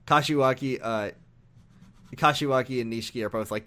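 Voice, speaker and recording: A man's voice: mid-range voice, a little fast, a bit bright. A man co-hosting a casual podcast, recapping a game and acting out characters' lines in silly voices. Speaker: podcast co-host.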